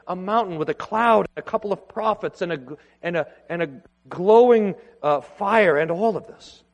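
A man preaching a sermon in a church, earnest and emphatic, with pauses and restarts. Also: sits high. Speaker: pastor. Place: church sanctuary. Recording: long hall reverb.

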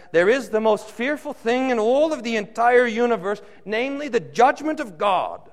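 Male pastor, preaching a sermon, slow measured delivery, animated rising and falling voice. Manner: slow, dramatic preaching with wide swings in pitch and loudness.

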